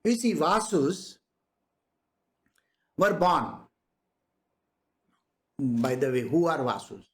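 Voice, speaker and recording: A man teaches in a spiritual discourse, talking the way he would to a room of students. His pitch rises and falls in a very animated way, and he keeps throwing rhetorical questions at his listeners and chuckling. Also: takes it slowly.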